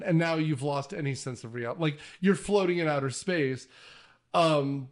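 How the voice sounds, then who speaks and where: A man's voice: on the high side, moderate pace. A man hosting a casual movie podcast, talking enthusiastically with frequent fillers and restarts. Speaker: podcast host.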